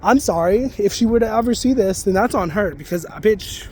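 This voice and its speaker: In a heated, swear-filled vlog rant recorded outdoors by some geese, a psychic reader and spiritual content creator rambles along fairly quickly. His voice is high and a little mellow, and there's a bit of hiss or hum.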